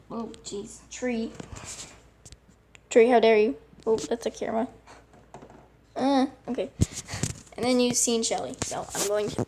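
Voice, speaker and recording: Female host, higher register, unhurried pace, scattered casual game commentary, voice prone to squeaky cracks. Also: a little mellow. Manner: chatty, scattered, talks to her game animals and screen. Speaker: channel host showing a game collection. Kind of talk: casual screen-recording commentary.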